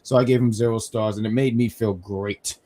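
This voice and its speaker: A man from New York hosting a casual live wrestling review stream, telling animated stories with self-mocking jokes. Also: fairly low pitch, fairly quick, crowd noise. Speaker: podcast host.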